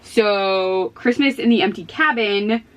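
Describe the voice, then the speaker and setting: A woman's voice: medium pitch, slow pace. A stressed woman rambling to her camera in a casual book vlog. She talks in loose, self-deprecating asides, breaking into small laughs as she goes, recorded in her own office. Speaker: book vlogger.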